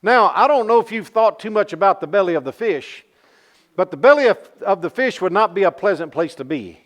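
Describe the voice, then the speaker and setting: A man's voice: sits high, lively intonation, a little fast, a bit bright. A man preaching a sermon to a congregation, telling folksy stories and asking the listeners rhetorical questions. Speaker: pastor.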